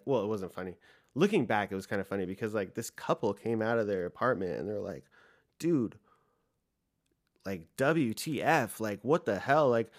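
A young man rants through a story, swearing freely and stacking filler words. His voice sits at an ordinary mid pitch for a man and he talks in a loose, rambling flow. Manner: profane, rambling, fast, heavy use of "like". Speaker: podcast host. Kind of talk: casual storytelling rant.

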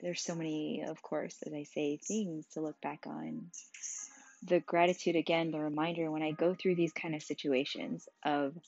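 A tired young mother talking candidly and emotionally, swearing often, speaking quietly as her child sleeps beside her. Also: low-pitched, gravelly, no room sound, muffled recording. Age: young adult. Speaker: mother vlogging about her sick child. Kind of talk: casual personal vlog.

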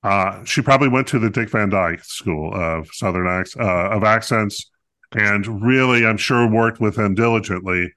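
A man's voice: fairly low pitch, moderate pace, sharp tone. A man co-hosting a podcast, reviewing a musical in casual chat, talkative and playful with many fillers.

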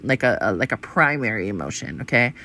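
A woman's voice: rumbling low, lively intonation, fairly quick, pushed and bright. A woman in her thirties with a Hawaiian Pidgin-tinged accent, telling a story in a rambling, profane way and laughing often as a podcast host. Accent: Hawaiian Pidgin-tinged English. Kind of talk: casual storytelling monologue.

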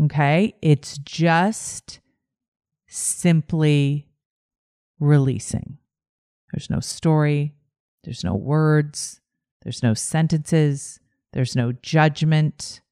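A woman hosting a podcast as a life coach, teaching in a calm, emphatic monologue with repeated phrases. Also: sits low, no room sound, studio quality.

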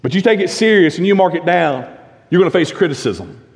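A male pastor preaching a sermon, emphatic, full of rhetorical questions, swinging between loud and hushed. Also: sits high, animated, brisk. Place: church sanctuary. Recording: long reverb of a church sanctuary.

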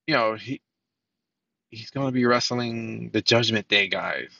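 A man's voice: on the low side, unhurried, creaky, sharp tone, dry recording, muffled recording. A man hosting a solo podcast in casual commentary style. He rambles, restarts his sentences, says "um" a lot and swears casually. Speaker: podcast host.

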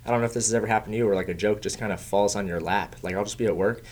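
A man's voice: lowish voice, fairly even intonation, racing, a little mellow. A young man and stand-up comic, chatting casually and rambling with lots of "like"s and restarts. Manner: rambling, many "like"s and restarts, swears. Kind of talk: casual chat.

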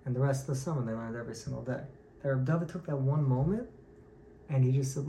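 Gravelly man telling a Torah story. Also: medium pitch, fast. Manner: animated storyteller acting out quoted voices. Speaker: Torah teacher. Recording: echoey room, faint background noise.

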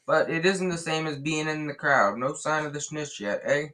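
A man reading aloud and voicing a big, gruff male groundskeeper who drops his words in a rustic way. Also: a little high, moderate pace, bright, forceful tone, pitched above the performer's own voice. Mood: chummy.

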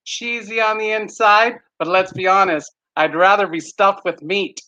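Stand-up comic from Texas, bright tense tone, slightly dull podcast audio, animated punchlines. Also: male voice, sits high, normal speed. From Texas, USA. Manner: animated punchline delivery with shouted put-on voices. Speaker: stand-up comedian guest. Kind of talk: stand-up comedy set.

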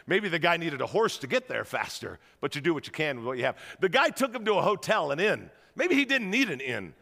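A man preaching a sermon to a church crowd, telling stories in an animated way and rousing the audience, in a large auditorium. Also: a little high, brisk, vocal fry, big-room sound. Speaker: guest pastor.

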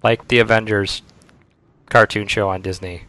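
A man's voice: lowish voice, fairly even intonation, normal speed, sharp tone, no room sound. A man co-hosting a podcast, chatting casually and enthusiastically about cartoons. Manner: chatty, enthusiastic fan banter. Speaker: podcast co-host. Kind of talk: casual chat.

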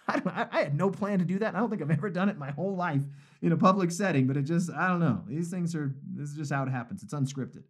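A male pastor preaches in a relaxed, conversational way during a live-streamed devotional. His pitch swings widely, rising and falling for emphasis. He repeats key phrases to drive them home. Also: quick pace, slightly rough.

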